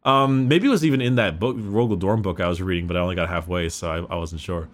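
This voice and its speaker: A man's voice: low voice, fast talker. A man hosting a casual podcast, rambling and full of fillers as he explains. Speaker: podcast host.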